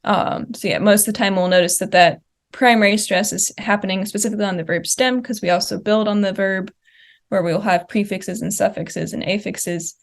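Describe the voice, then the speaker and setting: A woman's voice: medium pitch, fairly even intonation, fairly quick, gravelly. A young woman presenting linguistics research at a conference, explaining slide examples step by step with occasional fillers. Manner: uses fillers like uh and um.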